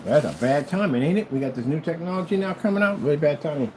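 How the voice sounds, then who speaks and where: A blunt middle-aged man talking off the cuff at home, his somewhat high voice swinging up and down with lots of life. He sounds combative and unscripted, with a faint hum of noise behind him. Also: expressive, quick pace. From United States. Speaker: small business owner vlogging. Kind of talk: casual unscripted vlog.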